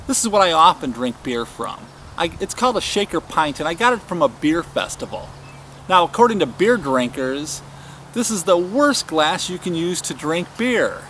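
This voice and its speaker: A man's voice: fairly high pitch, a bit bright, slight background noise. Wry man hosting a comedic rant. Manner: wry, mock-scolding. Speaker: show host. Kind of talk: sardonic comedic monologue.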